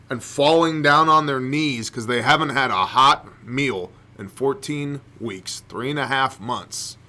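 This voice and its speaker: A man delivers fervent faith-based commentary on his podcast, hammering home points with rhetorical questions and repeated lines. His voice is bright and forward, pitched at an ordinary middle register. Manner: preachy, rhetorical questions, emphatic repetition. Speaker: podcast host.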